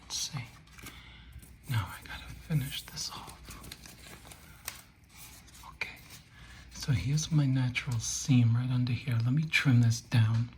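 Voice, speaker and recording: A man's voice: mid-range voice, steady tone, a little slow, pauses often, a little hiss or hum. A man installing wallpaper and explaining it in a casual how-to tutorial, joking and playful, often dropping to a murmur while he works. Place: room being wallpapered, indoors.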